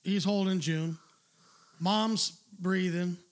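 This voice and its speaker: A man's voice: sits high, steady tone, slow. A middle-aged man telling a long, rambling anecdote in casual chat, swearing freely and laughing at his own story. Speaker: storyteller on a talk show.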